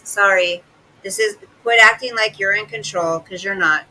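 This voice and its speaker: Bright, sarcastic reaction commentator. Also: mid-range voice, moderate pace, poor audio. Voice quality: sarcastic, scornful. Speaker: commentary channel host.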